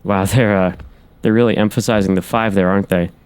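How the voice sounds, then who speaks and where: A man's voice: fairly low pitch, steady tone, fairly quick, a little mellow, a little hiss or hum. A man hosting a horror game playthrough, muttering to himself as he works through codes and making wry asides. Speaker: gaming channel host. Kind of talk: let's play commentary.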